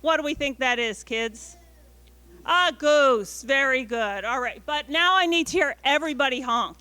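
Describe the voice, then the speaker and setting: A woman's voice: sits high, normal speed, sharp tone. A woman presenter leading a family class, enthusiastically coaxing the audience to repeat bird calls.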